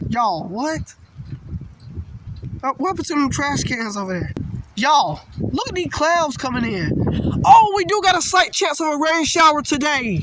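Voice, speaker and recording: A man with a high voice films a weather vlog outdoors, talking slowly between excited exclamations to his viewers. Heavy wind noise batters the recording throughout. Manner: excitable, exclaiming, repeatedly addressing viewers as y'all. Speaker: amateur weather vlogger.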